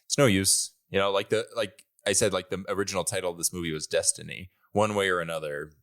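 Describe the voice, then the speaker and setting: A man's voice: low-pitched, fairly even intonation, fast, fairly bright tone. A man co-hosting a podcast in casual chat, rambling with many fillers and frequent laughter. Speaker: podcast co-host.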